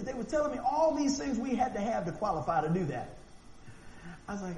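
A man preaching a sermon, animated and folksy, acting out quotes and often repeating words. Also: extremely high pitch, quick pace, creaky. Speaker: pastor. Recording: echoey room with faint noise.

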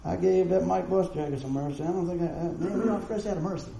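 A pastor with a drawl, talking to his congregation in an easy, folksy way. His voice sits high for a man but sounds warm and mellow. The sermon echoes around a roomy church hall, with a faint murmur of ambience underneath. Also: quick pace, creaky, slight background noise. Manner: folksy, conversational preaching with rhetorical questions. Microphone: live stream mic.

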